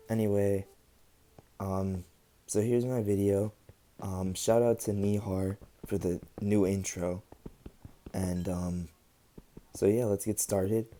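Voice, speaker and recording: A young man talking casually over his gameplay footage, relaxed and rambling with lots of ums. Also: low-pitched. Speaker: gaming channel host.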